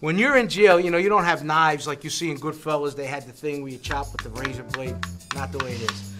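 Philly guy cooking and spinning stories, kinda high voice, music in the back, culinary school kitchen. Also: fast talker. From Philadelphia. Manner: streetwise, rambling, animated storyteller. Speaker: cooking show host. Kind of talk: casual cooking demo with storytelling.

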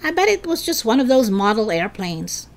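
A woman voicing a stubborn, skeptical schoolboy who talks loud and mocking. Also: fairly high pitch, sing-song, normal speed. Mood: scoffing.

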